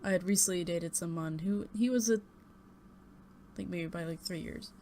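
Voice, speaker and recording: A woman's voice: on the low side, unhurried, mellow, slight background noise. A young woman talking to her webcam at home, telling a personal story in a rambling, hesitant way, blunt and swearing at times. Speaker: vlogger. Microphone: desktop USB mic and webcam.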